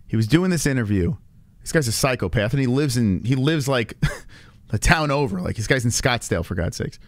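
A man's voice: medium pitch, dry recording. Rambling man chatting on a livestream. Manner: rambling,喜 frequent fillers and restarts, swears freely. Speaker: streamer host. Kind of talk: casual livestream chat.

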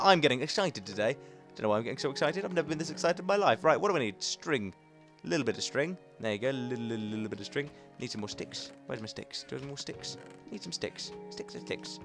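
A man's voice: mid-range voice, very animated, quick pace, fairly bright tone, faint music behind. A young man giving chatty, self-mocking commentary while playing a game, talking to himself as he goes. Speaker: gaming channel host. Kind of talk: casual let's play commentary.

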